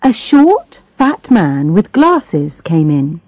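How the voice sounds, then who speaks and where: Woman narrating a story, slow and clear, mellow tone, lively intonation, dry slightly dull recording. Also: fairly low pitch, no echo. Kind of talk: scripted story narration for English learners.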